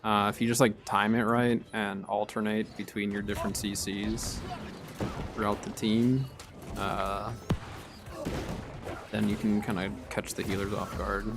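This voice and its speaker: Lowish-voiced man streaming a game. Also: unhurried, pauses often, noisy background. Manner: relaxed, explains tactics while playing, bursts of excitement in fights. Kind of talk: casual gameplay commentary.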